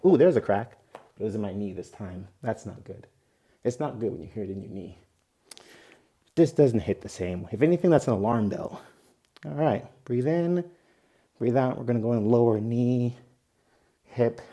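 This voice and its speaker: A young man guiding a yoga session in a relaxed, playful way, with jokes between calm breathing cues. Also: mid-range voice. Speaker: vlogger leading a yoga session. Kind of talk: guided yoga instruction, casual vlog chat.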